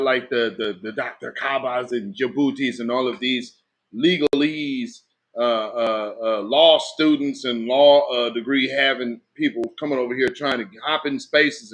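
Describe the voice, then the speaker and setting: A man's voice: medium pitch, a bit bright. A man with a Black American accent giving loose, joking live commentary in slangy talk. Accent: Black American English. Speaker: host of a live commentary stream.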